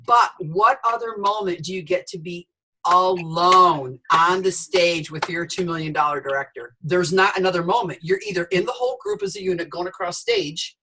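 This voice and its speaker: A middle-aged woman giving an animated sales training talk, telling stories with voices for the people in them. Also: lowish voice, moderate pace, slight background noise, rough recording. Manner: storytelling, lively quoted voices.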